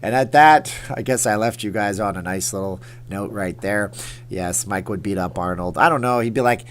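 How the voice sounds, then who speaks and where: A man's voice: fairly low pitch, moderate pace. A man hosting a casual late-night livestream, answering chat questions in a rambling, jokey way. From Las Vegas. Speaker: livestream host.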